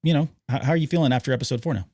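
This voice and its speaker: A man's voice: mid-range voice, racing, dark tone, husky, no room sound, clean studio sound. A man hosting a podcast in casual chat, jokey and loose, with plenty of fillers. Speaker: podcast host.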